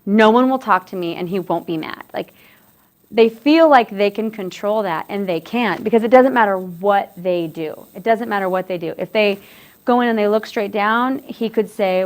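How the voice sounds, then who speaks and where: A woman gives a relaxed, conversational educational talk to a group of students. Her pitch sits in a middle range, and she often circles back and restarts her phrases as she explains. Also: normal speed. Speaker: presenter on dating violence.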